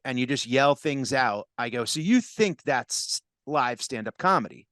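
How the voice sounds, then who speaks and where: New comic hosting a podcast, acts out every voice, dry close mic. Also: male voice, mid-range voice, unhurried, dry recording. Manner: animated storyteller, acts out voices. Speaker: podcast host and comedian. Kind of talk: casual chat.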